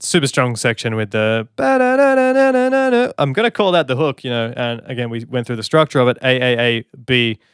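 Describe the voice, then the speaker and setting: A man's voice: medium pitch, fairly even intonation, brisk, few pauses, a bit bright, clear, resonant tone, no echo, studio quality. A man, a songwriter, giving casual, enthusiastic commentary on an album and scatting melodies as he talks. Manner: enthusiastic, chatty, hums and scats melodies. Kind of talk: casual music reaction commentary.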